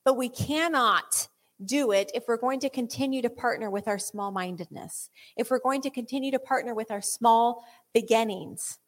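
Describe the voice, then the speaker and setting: High-voiced fervent woman preaching. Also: moderate pace. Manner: fervent, exhorting, rising into impassioned prayer. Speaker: worship leader. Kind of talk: sermon and spoken prayer. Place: church sanctuary.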